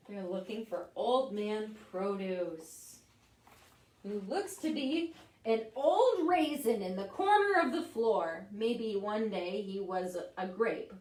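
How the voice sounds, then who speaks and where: A woman librarian leads a children's storytime at an unhurried pace, her pitch rising and falling with lots of life. She stands some way from the mic in an echoey room. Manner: animated, asks the children questions. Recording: roomy echo, voice from a distance.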